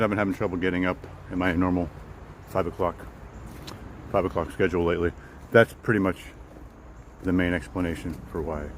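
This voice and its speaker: A man's voice: sits low, a little hiss or hum, low-quality recording. A man casually chatting with live viewers while walking outdoors in the woods, rambling and repeating himself. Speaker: vlogger hosting a live walk.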